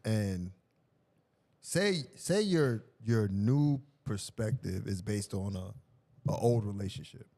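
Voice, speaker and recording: A man with a fairly low voice and a New York accent, co-hosting a podcast. He tells stories in an easy, laid-back way, chatting casually with friends. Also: lively intonation, slow, vocal fry, warm tone. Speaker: podcast co-host. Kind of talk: casual chat.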